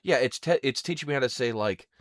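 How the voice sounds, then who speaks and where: A man's voice: medium pitch, animated, quick pace, no room sound, clean studio sound. A man hosting a podcast in casual chat, telling stories in a laid-back way and acting out the dialogue. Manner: laid-back storyteller who acts out dialogue. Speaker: podcast host.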